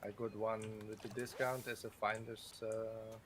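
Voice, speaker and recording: A man's voice: on the low side, unhurried. A man hosting a game stream, chatting casually and rambling with lots of restarts. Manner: rambling, many restarts and hedging fillers. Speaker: streamer host. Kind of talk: casual chat while gaming. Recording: steady background noise.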